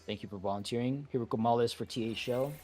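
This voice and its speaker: A mid-pitched man calmly organizes an online game raid over voice chat. He speaks loosely and haltingly, restarting sentences and filling pauses with "uh," and seems to be on a headset mic at home.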